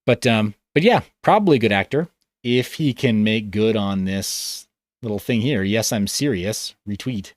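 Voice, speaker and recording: A man's voice: lowish voice, normal speed, dry recording, clean studio sound. A man hosting a livestream, reading comments in a loose, rambling way with a tired voice. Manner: rambling, loose, self-interrupting. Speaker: livestream host.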